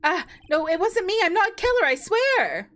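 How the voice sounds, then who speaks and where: A woman's voice: very animated, unhurried, bright, forceful tone, exaggerated voice. A woman voicing a nervous young male defendant who stammers and pleads. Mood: panicked. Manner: stammering, pleading, raised pitch. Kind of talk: voicing a video game character.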